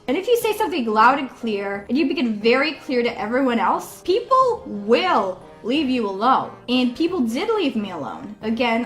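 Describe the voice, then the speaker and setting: A young woman vlogger telling a childhood story, loud and expressive. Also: fairly high pitch. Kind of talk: casual storytelling to camera.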